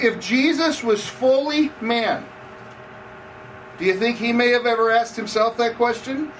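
A man's voice: very high-pitched, fairly bright tone, recorded from a distance, slight background noise, low-quality recording. A man preaching a conversational sermon, asking the audience questions as he goes. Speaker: campus pastor. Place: room with seated audience.

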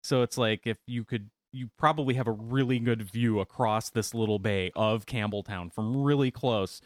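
A man's voice: mid-range voice, moderate pace, dry recording. A man in casual podcast chat, rambling and jokey. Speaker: podcast co-host.

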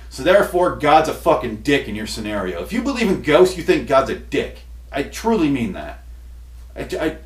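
A man hosting a comedy podcast, ranting in an exasperated, profane way, with his voice going hoarse. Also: medium pitch. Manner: exasperated, profane, building to shouty outbursts. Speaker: podcast host. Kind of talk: comedic rant. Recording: roomy echo, distant mic.

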